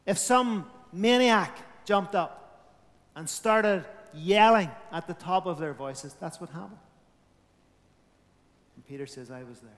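A man's voice: high-pitched, slow, pauses often, a bit bright, big-room sound. A man preaching a sermon, emphatic, his volume rising and falling.

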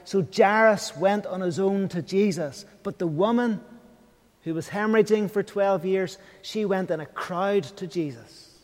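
A man delivers an evening sermon in a high, light voice, earnest and searching as he puts questions to his listeners. He sometimes sinks almost to a whisper. The sound carries a long reverb, as if from a large church hall. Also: a little slow, darkish tone. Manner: earnest, questioning, drops to a near whisper at times. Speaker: preacher.

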